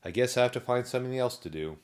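This is a gentle, slightly lifted zombie voice with a mildly resigned, plain-spoken manner, put on by a man reading a storybook. He stays an easygoing newcomer to the bigger world around him. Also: mid-range voice, expressive, quick pace, pitched above the performer's own voice, natural voice.

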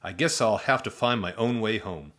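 Guy doing lost cranky drew, whiny, kinda low voice. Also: moderate pace, a bit bright, lightly acted. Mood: grumbling. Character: lost, grumpy, muddled young man Drew.

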